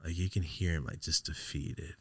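A man hosting a podcast, telling a personal story in a raw, profane, halting way, his voice sometimes sinking almost to a whisper. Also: rumbling low, steady tone, creaky, fairly bright tone, slightly rough, no room sound, studio quality. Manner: raw, profane, halting, drops to a near-whisper when upset. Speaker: podcast host. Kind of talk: casual storytelling.

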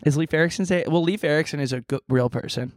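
A man's voice: on the high side, quick pace, dry recording. Guy cohosting a podcast, jokey and goofy, super dry sound. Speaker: podcast co-host. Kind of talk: casual chat.

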